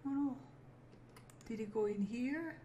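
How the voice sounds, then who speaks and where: Her voice fairly high and mellow, a gaming content creator narrates her gameplay casually at a measured pace against slight background noise. She speaks to herself and offers giggly little apologies along the way.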